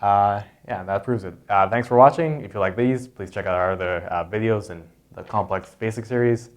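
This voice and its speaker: Speaking at normal speed in a lowish voice, a math tutor walks through a proof in an unscripted lesson, halting often with fillers and self-corrections.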